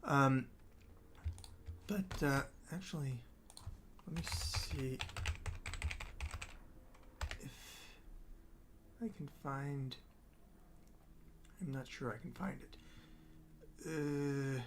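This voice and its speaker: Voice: mid-range voice, extremely slow, pauses often, noisy background. A musician chatting casually on their own livestream, rambling with many ums and frequent laughs.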